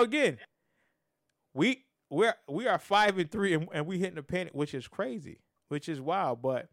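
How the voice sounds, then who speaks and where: On this casual sports podcast, the male host sounds a bit higher-pitched than the typical man. His talk comes in animated bursts, shifting from loud to soft as he restarts sentences, and the audio is dry without any room echo.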